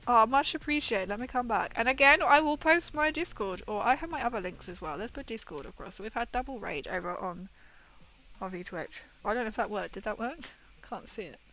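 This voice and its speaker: A woman hosting a casual live stream while she paints miniatures, chatting excitedly and greeting her viewers. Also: fairly high pitch, a little fast, faint music behind. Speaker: livestream host painting miniatures. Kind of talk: casual livestream chat.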